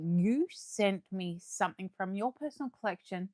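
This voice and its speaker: A young adult Australian woman hosting a live unboxing, chatting warmly and gushing as she reads comments aloud. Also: medium pitch, animated, normal speed, hardly any pauses, no room sound, studio quality. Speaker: livestream host.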